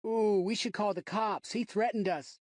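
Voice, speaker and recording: A man's voice: high voice, moderate pace, no room sound, studio quality, pitched above the performer's own voice, close to an everyday voice. A man voicing a sneering schoolboy bully. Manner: taunting, sneering.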